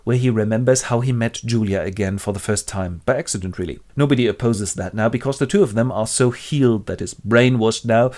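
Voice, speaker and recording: A man's voice: medium pitch, fairly quick, few pauses, a little mellow. A man narrating a comic book summary in a wry, playful way. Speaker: storyteller.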